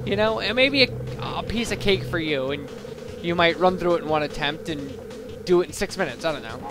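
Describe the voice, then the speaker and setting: A man's voice: fairly high pitch, expressive, a little fast. A young man giving casual, rambling game commentary, self-deprecating and full of fillers, while hiccuping. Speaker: let's play commentator. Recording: game music playing behind.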